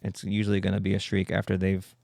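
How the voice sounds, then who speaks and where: A man's voice: sits low, completely flat delivery, quick pace, vocal fry, darkish tone, no room sound, clean studio sound. A man hosting a podcast, riffing through a rambling, profane comedic monologue and interrupting himself constantly. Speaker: podcast host.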